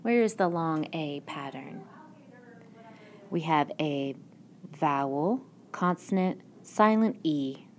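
Slow, patient woman teacher. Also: low-pitched, animated, slight background noise. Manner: slow, patient, encouraging classroom delivery. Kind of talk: recorded phonics lesson. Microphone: tablet microphone.

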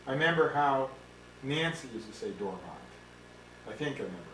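A man's voice: medium pitch, animated, brisk, a crowd in the background. Rambling man on an echoey, distant tape. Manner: rambling, reminiscing, self-correcting. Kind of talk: casual family conversation. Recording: echoey room, distant mic, faint hiss.

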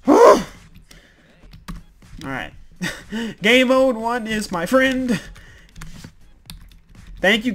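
A man's voice: sits high, a bit bright. A man hosting a let's-play video, commenting in an exasperated, exclaiming, self-mocking way. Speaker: gaming video host.

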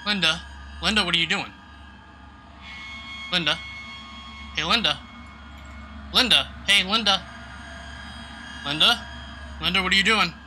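A man giving live commentary while playing a horror game, jumpy and quick to exclaim and swear at every scare. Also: sits high, bright, forceful tone, slight background noise. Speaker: let's play host.

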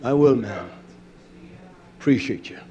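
A man preaching a fiery, scolding sermon that rises at times to shouting. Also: mid-range voice, lively intonation, measured pace, breathy edge, lo-fi sound.

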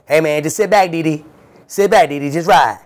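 A man voicing a loud, insistent male friend who keeps coaxing and repeating himself. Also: fairly high pitch, brisk, voice pushed up, close to an everyday voice. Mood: pleading. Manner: repetitive, coaxing, raised voice.

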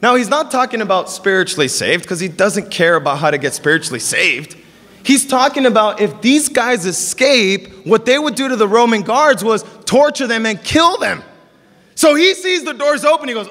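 A young man preaching a sermon, telling stories and acting out the dialogue with lively energy. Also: high voice, brisk. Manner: animated storytelling, acting out dialogue. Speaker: pastor. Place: church service in a hall. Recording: long reverb of a hall.

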